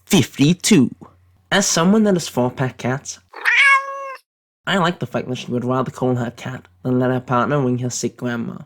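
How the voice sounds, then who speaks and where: A British man putting on an American accent, giving deadpan, mock-serious tier-list commentary with rambling tangents. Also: mid-range voice, moderate pace. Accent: put-on American accent. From Britain. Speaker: YouTube commentator.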